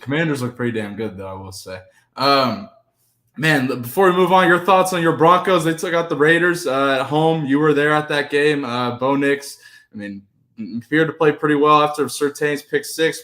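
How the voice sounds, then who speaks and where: A man co-hosts a sports podcast in relaxed, casual talk. He is easygoing and quick to laugh, and he swears casually. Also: on the high side.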